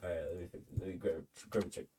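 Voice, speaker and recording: A man's voice: low voice, brisk, warm tone. A young man co-hosting a podcast in casual chat, joking and giggling, often trailing off mid-sentence. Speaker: podcast co-host.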